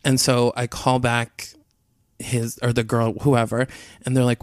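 A man telling a rambling anecdote in casual chat, with lots of "like" and a breathless, animated delivery. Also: medium pitch, unhurried, no echo, clean studio sound.

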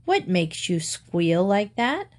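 A slow, calm sheep voiced by a woman. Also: fairly low pitch. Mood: puzzled.

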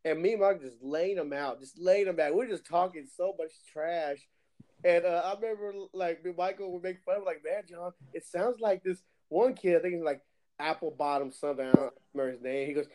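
A young man with a fairly high, mellow voice tells animated gaming stories in a casual podcast chat. He acts out the other players in quick voices. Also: poor audio. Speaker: podcast co-host.

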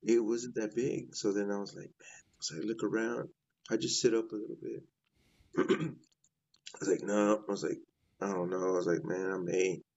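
Gravelly low-voiced man telling a story. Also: steady tone, moderate pace, a little mellow, lo-fi sound. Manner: rambling, repeats "I was like". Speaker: guest sharing a paranormal story. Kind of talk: casual storytelling.

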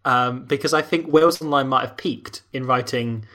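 A man's voice: medium pitch, normal speed, sharp tone. A man hosting a podcast, joking and laughing often in casual chat. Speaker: podcast host.

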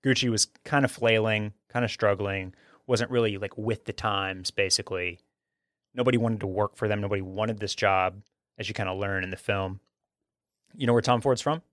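Reviewing a film on his podcast, a man with a fairly low, slightly bright voice speaks at normal speed with fairly even intonation. He's enthusiastic and talkative, frequently restarting sentences, and the recording is dry and clean, studio-grade.

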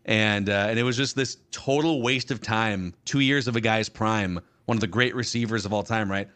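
A man's voice: on the low side, fairly even intonation, moderate pace, a bit bright. A man co-hosting a sports podcast, chatting casually and telling stories with "you know" asides. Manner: storytelling, looks back with many "you know" asides.

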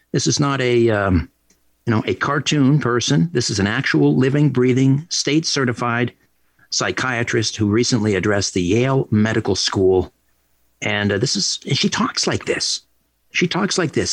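A man's voice: medium pitch, husky, dry recording. A male talk radio host delivering an indignant, emphatic monologue, repeating phrases for emphasis.

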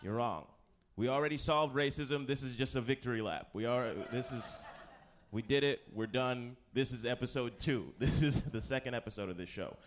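A man hosting a live comedy panel on stage, deadpan and sarcastic, with halting fillers. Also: mid-range voice, a little hiss or hum. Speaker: host. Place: live stage before an audience.

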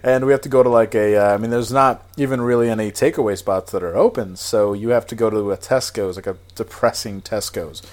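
A man's voice: on the low side, steady tone, a little fast, few pauses, darkish tone. A man co-hosting a podcast in casual chat, jokey and profane, laughing often and restarting his sentences. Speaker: podcast co-host.

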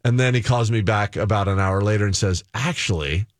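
A man's voice: fairly low pitch, steady tone, fast talker, dry recording, studio quality. Rambling man telling a story. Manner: rambling, full of fillers and self-interruptions, acts out other people's lines. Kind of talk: casual conversational storytelling.

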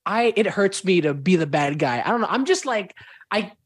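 A young man from Indonesia, a performing arts student, chatting as a podcast guest and telling lively stories with a playful streak. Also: high-pitched, normal speed, husky, dry recording, clean studio sound. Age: young adult. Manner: enthusiastic storyteller, slips into playful character voices. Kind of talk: casual podcast interview.

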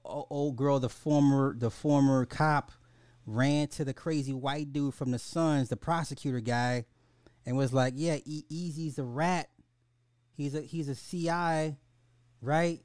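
A man hosting a podcast in casual chat, animated and slangy, with lots of restarts and swearing. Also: fairly high pitch, clean tone, no room sound, clean studio sound. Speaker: podcast host.

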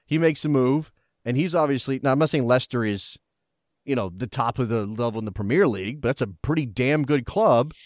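A man's voice: medium pitch, a little fast, no echo, studio quality. A man in his forties hosting a casual sports podcast, rambling with restarts and laughing often. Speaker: podcast host.

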